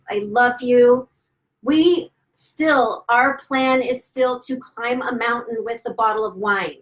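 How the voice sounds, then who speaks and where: A woman author on a livestream, emotional and close to tears, gushing with excitement and stumbling over her words as she celebrates her new book at home. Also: medium pitch, poor audio. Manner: gushing and excited, halting with restarts. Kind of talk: casual livestream chat. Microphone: phone or webcam livestream.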